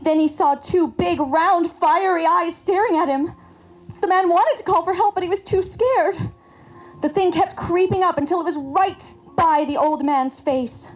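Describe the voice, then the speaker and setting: A woman reading a spooky family story aloud in an expressive, dramatic way. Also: very high-pitched, measured pace, poor audio.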